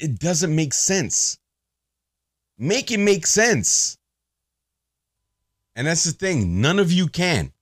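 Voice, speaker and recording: A man hosting his own podcast, ranting in a sarcastic, profane, animated monologue. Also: mid-range voice, no echo, studio quality. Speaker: podcast host.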